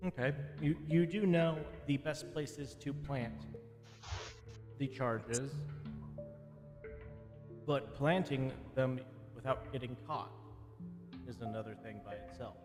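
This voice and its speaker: A man narrating a tabletop game as game master, in a relaxed, conversational way. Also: medium pitch, slow, long pauses, big-room sound, music in the background.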